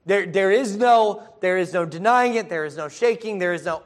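A man preaching a sermon, reading scripture slowly and with emphasis, and often checking in with his listeners by asking "folks?" and "yes?". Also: sits high.

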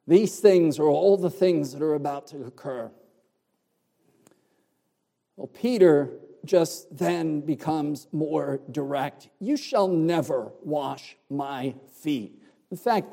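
A man preaching an expository sermon, explaining the Greek words of a passage with deliberate emphasis. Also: fairly high pitch, vocal fry, mellow. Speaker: pastor. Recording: long hall reverb.

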